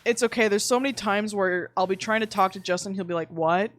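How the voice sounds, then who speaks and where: A woman's voice: mid-range voice, quick pace, no echo. A woman streaming from home, chatting casually while gaming, laughing often and speaking candidly with some swearing.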